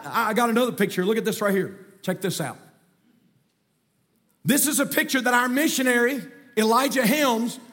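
A middle-aged man, preaching a sermon in a church sanctuary with folksy storytelling that builds to shouting. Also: sits high. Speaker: pastor.

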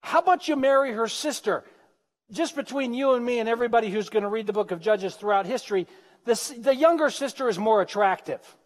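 High-voiced preacher in a reverberant hall. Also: male voice, quick pace. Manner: joking asides to the congregation. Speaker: pastor. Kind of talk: humorous sermon.

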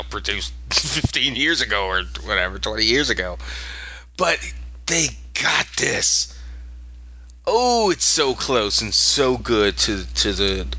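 A man hosting a podcast, recapping a TV episode in an animated, laughing chat full of restarts. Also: on the low side, no echo, lo-fi sound.

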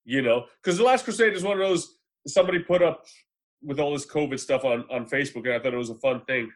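A man in the middle pitch range tells a story on a movie podcast. His delivery is lively and animated, and he acts out the voices of the people in the tale. It is an easy, casual chat between hosts. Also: fast. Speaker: podcast co-host.

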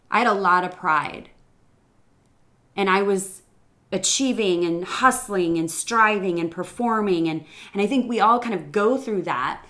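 An earnest, reflective middle-aged woman speaks in a personal faith-podcast monologue. Her pitch sits in the middle of the usual range for a woman, and now and then she pauses on a soft "um" before carrying on. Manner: earnest and reflective, with some hesitant "um"s. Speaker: podcast host.

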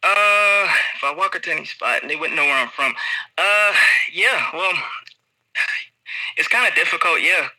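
A man from Ohio, a podcast guest telling stories in a relaxed way, with many "uh"s and restarts. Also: sits high, moderate pace, pauses often, rough recording. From Ohio, United States. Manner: relaxed storyteller, hesitant fillers and repeats. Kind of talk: casual interview chat.

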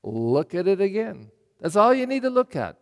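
A man's voice: high voice, sing-song, normal speed. A middle-aged male pastor giving a blunt, emphatic sermon full of rhetorical questions during Mass. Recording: long church reverb.

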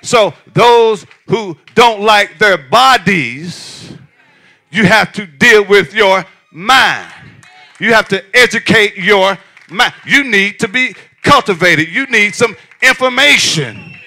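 A man preaching a sermon as pastor, lively and repetitive, with laughs and shouted emphasis. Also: high voice, slow.

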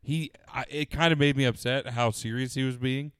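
A man's voice: medium pitch, steady tone, moderate pace, clear, resonant tone, no echo, clean studio sound. A young man co-hosting a podcast, bantering crudely and laughing at himself. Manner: laughing, crude, self-deprecating. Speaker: podcast co-host. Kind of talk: casual banter.

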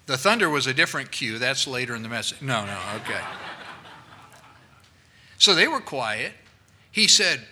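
A male pastor telling a story in a sermon, animated and acting out the voices of people he quotes, on a worn microphone in a church. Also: fairly high pitch, normal speed, a little hiss or hum, rough recording.

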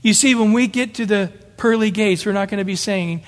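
High-voiced pastor preaching in a hall. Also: male voice, fairly quick, hardly any pauses. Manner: earnest, emphatic preaching with repeated phrases. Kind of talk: sermon.

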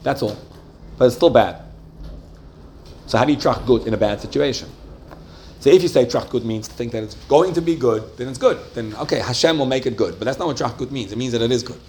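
A man's voice: mid-range voice, lively intonation, fairly quick, mellow, slight background noise. A man giving a religious lecture to a live group, often asking them questions and checking that they follow. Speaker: religious teacher.

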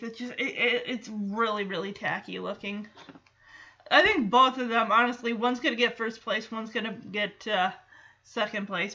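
High, bright-voiced woman podcast host. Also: dull audio. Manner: chatty, amused, frequent laughter. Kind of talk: casual podcast episode recap.

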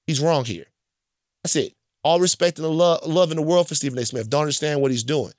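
This male storyteller from Louisiana has a fairly quick, slightly mellow voice on the high side, recorded dry on a close mic. Casual, profane and blunt, he hammers his points emphatically, repeats them, and keeps asking "right?".

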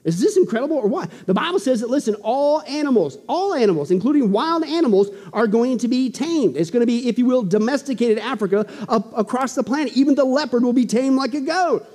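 A man preaching a sermon in an animated, emphatic way with joking asides. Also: very high-pitched, brisk, few pauses, big-room sound.

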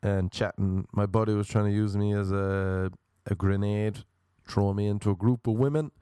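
A man's voice: lowish voice, fairly even intonation, moderate pace, mellow, smooth, no echo, studio quality. Sardonic Irish man telling a story. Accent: Irish, Cork. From Ireland. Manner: rambling, sardonic, swearing, acts out voices. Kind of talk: stand-up storytelling.

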